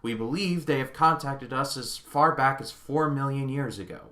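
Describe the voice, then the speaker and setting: A formal male official delivers a mission briefing in a stiff, businesslike tone, put on by a man. His voice sounds bright. The room is noticeably echoey. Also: mid-range voice, moderate pace, natural voice.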